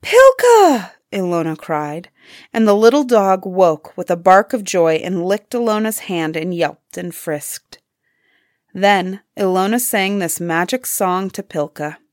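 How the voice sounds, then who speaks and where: A woman narrating a fairy tale aloud in an expressive storybook style. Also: fairly low pitch, measured pace, no room sound, studio quality.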